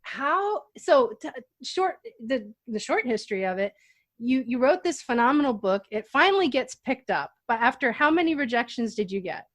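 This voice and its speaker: High-voiced laughing woman host. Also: normal speed. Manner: laughs often, animated storyteller. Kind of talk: casual interview chat.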